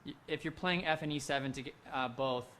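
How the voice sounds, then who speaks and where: A man leading a handbell rehearsal, coaching players through measures and singing the rhythms on nonsense syllables in a relaxed, encouraging way. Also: on the high side, quick pace, slight background noise. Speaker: handbell director. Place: home, recorded for a virtual event.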